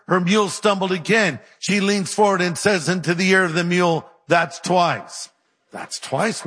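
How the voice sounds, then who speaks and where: Man, pastor, high bright voice, lively storytelling sermon, long hall reverb. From California. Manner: animated, humorous storytelling.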